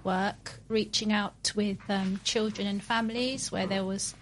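A woman's voice: mid-range voice, steady tone, measured pace, a little hiss or hum, rough recording. A woman speaking as a guest in a radio interview, hesitant, with many ums as she explains her work. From half Welsh. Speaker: guest, founder of a social enterprise.

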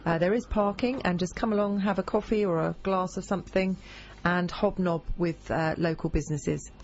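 A woman's voice: lowish voice, fairly even intonation, normal speed, a little mellow, dull audio. A woman with a New Zealand accent co-hosting a radio show, teasing her co-host and reading out event notices. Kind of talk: casual radio chat.

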